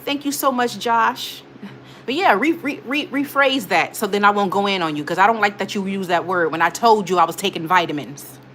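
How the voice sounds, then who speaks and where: A woman's voice: mid-range voice, fairly quick, a bit bright, slight background noise. Emphatic scolding woman live-streaming. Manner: emphatic, scolding, repeats herself for effect. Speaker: livestream host. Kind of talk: casual live-stream chat, reading viewer comments.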